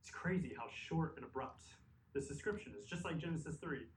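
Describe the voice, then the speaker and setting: A man's voice: fairly high pitch, animated, fairly quick, a little hiss or hum. A man preaching a sermon, earnest and emphatic, with conversational asides. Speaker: pastor. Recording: echoey hall mic from a distance.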